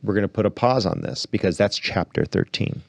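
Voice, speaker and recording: A man with a lowish voice reads a book aloud on his podcast, stressing key lines with earnest, preacher-like weight. The recording is dry and close, with no room echo. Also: brisk, gravelly. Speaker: podcast host. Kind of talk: reading a book aloud and discussing it.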